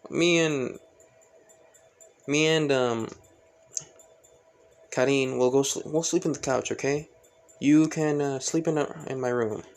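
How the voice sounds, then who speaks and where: A man reading aloud, voicing a kind teenage boy who speaks gently and reassuringly. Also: mid-range voice, slow pace, pauses often, soft background music. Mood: gentle.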